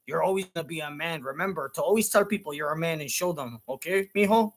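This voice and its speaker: A man doing a gruff old father lecturing his son. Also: on the high side, quick pace, voice pushed down. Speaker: talk show host.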